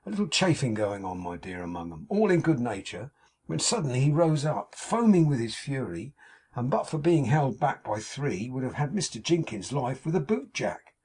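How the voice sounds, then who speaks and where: A fussy middle-aged landlady, put on by a male narrator, pours out confidences in a gushing, melodramatic way. The voice has a husky, breathy edge and sits at a middling pitch. She fits a storybook read aloud. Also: very animated, moderate pace, a little mellow.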